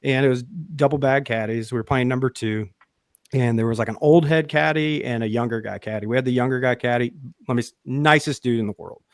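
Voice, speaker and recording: A man at a mid-pitched, ordinary register tells a golf podcast story on a close, dry studio mic. He talks loosely and animatedly, swears without a second thought and keeps laughing through his own lines. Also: brisk, no echo. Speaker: podcast host.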